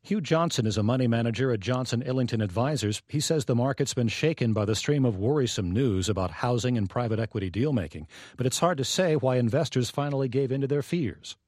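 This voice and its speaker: A man reading a scripted radio news report as a correspondent, in a measured, even way. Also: mid-range voice, no echo, clean studio sound.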